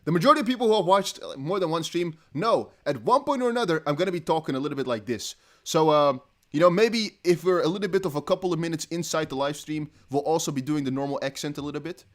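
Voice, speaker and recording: Reading out donations on his casual crypto livestream, a young man from the Netherlands chats, laughs, and rambles, often restarting his sentences. He has a slightly high, expressive voice and a quick pace.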